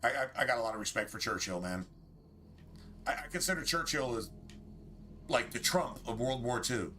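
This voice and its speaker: A man talking off the cuff while streaming a game. His voice is bright and forward, and he rambles from point to point with plenty of cursing. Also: medium pitch, lively intonation, moderate pace. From United States. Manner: rambling, profane, opinionated. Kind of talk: casual livestream chat.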